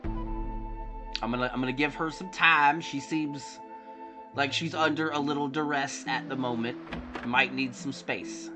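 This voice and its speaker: A man's voice: mid-range voice, steady tone, unhurried, long pauses. A man streaming a video game, cracking joking, sarcastic asides as he plays. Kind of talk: let's play commentary. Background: game music.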